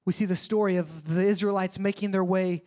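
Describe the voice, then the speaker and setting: A young man preaching a sermon in a conversational, animated storytelling way, acting out quotes as he goes. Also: sits high, brisk. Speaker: pastor.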